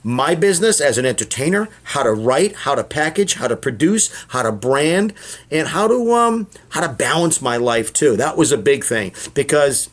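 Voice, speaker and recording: Brief: middle-aged comic, slightly high voice, animated, chatty storyteller. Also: male voice, moderate pace. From Boston. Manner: rambling, chatty, with many fillers and name-dropping asides. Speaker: comedian and guest. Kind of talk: casual interview storytelling.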